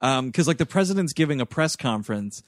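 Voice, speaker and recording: A man's voice: medium pitch, expressive, fairly quick, no echo. Male co-host, casual movie banter, giggly, dry close sound. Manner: laughs often, riffs on jokes.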